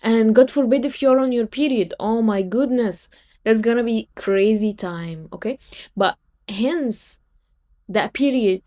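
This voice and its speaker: Woman, casual advice talk, slow listing delivery, higher pitch. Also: warm tone. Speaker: commentator giving advice.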